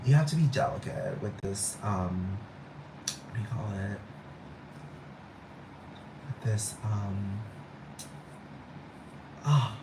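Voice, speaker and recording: A man from Texas hosting a solo podcast, ranting casually in a rambling, profane way and constantly asking if the listener follows. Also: medium pitch. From Texas, United States. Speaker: podcast host. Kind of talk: casual monologue rant. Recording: echoey room with faint noise.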